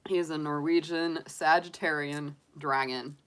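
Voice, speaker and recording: A woman's voice: deep voice, takes it slowly, fairly bright tone, clean tone. A woman in her forties, a tarot reader chatting casually on a live stream and laughing often. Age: 40s.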